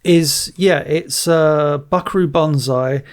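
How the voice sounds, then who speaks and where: A man with a high-pitched voice hosts a casual movie podcast. He tells the story in an animated way, stumbling and restarting as he goes. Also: takes it slowly, clear, resonant tone. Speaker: podcast host. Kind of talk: casual movie review chat.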